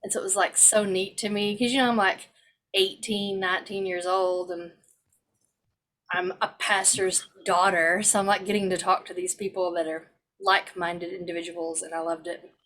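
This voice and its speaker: A woman in her thirties co-hosting a podcast, talking in a relaxed, matter-of-fact casual chat. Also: on the low side, moderate pace. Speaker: podcast co-host.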